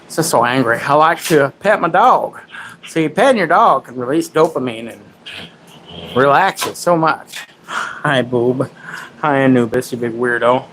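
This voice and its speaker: A man's voice: mid-range voice, expressive, a little slow, fairly bright tone, slight background noise, poor audio. A man hosting a casual livestream from home, rambling, mocking himself and baby-talking to his dog. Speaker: livestream host.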